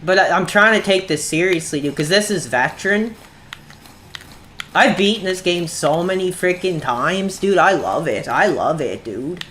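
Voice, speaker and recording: A man in his thirties chatting on a gaming livestream, irritable and quick to anger, saying "dude" all the time. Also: sits high, animated, a bit bright, slight background noise. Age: 30s. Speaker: streamer. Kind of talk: casual gaming livestream chat.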